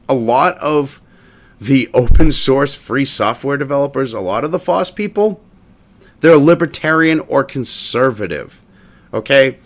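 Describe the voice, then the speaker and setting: A man's voice: medium pitch, fairly bright tone. A man hosting a commentary show, ranting profanely and mocking a statement as he reads it aloud.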